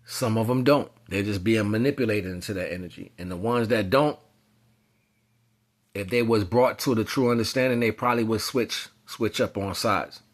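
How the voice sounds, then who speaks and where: A man giving a casual spiritual monologue, talking in loose slang and rambling off into animated storytelling. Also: fairly low pitch, moderate pace. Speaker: spiritual commentator.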